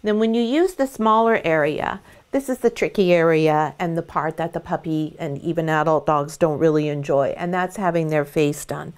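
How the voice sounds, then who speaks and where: A middle-aged woman, a dog breeder, giving a gentle, calm demonstration of how to groom a puppy. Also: sits low, normal speed, clean tone. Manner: sing-song baby talk to the puppy.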